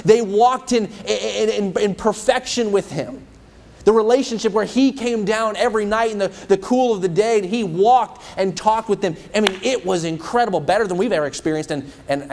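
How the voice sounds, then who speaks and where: A man's voice: high voice, brisk, darkish tone. A male evangelist preaching a sermon in a church. He asks the congregation many rhetorical questions.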